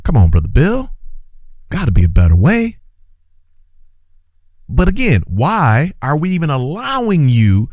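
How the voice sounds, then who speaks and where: His voice is a little high and sing-song, at a moderate pace with long pauses, as this host and commentator gives a passionate, preachy opinion monologue. Urgent and exclaiming, he repeats phrases for emphasis and refers to his listeners as brothers and sisters.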